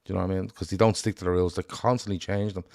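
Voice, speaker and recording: A man with an Irish accent co-hosting a casual football chat, blunt and sweary in an animated rant. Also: low voice, racing, creaky. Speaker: podcast co-host.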